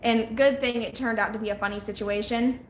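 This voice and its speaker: A woman's voice: on the high side, steady tone, a little fast. A young woman, chatting casually with viewers on a live stream and laughing often as she tells stories. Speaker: vlogger on a live hangout. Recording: echoey room with faint noise.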